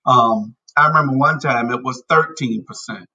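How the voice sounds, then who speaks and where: A man's voice: mid-range voice, moderate pace, sharp tone, muffled recording. A man hosting a casual talk show, giving blunt, emphatic opinions. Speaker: show host. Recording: distant from the mic.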